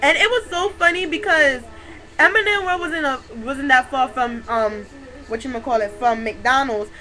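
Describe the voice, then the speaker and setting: A young woman telling a funny story to her camera in casual slang, excitable and often breaking into laughter. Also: sits high, normal speed, poor audio. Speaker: vlogger.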